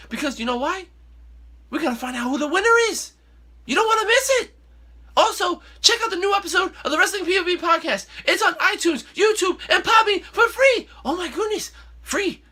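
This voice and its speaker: Guy hosting a wrestling recap, high bright voice, super excitable. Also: a little fast. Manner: excitable, playful. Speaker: show host.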